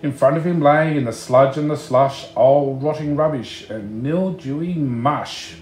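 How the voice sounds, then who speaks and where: A man reading a picture book aloud, slow and expressive, chatting to the listener between pages. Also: on the high side, echoey room, soft background music. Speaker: storybook reader.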